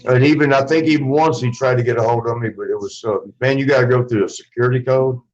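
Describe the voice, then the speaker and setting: A former wrestler as an interview guest, telling stories casually in a rambling way, swearing freely and acting out what others said. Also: male voice, medium pitch, fairly even intonation, fast, highs cut off. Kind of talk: casual storytelling.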